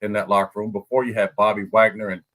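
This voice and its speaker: Animated former lineman telling stories. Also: fairly low pitch, quick pace. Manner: animated storytelling, laughs often. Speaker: guest analyst, former NFL lineman. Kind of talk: casual podcast chat.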